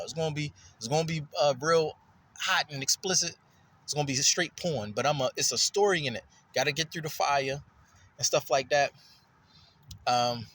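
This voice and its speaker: A man rambling loosely through a casual, profane monologue, his voice jumping up when he gets worked up. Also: slight background noise. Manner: loose and profane, jumps in pitch when excited. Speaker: vlogger.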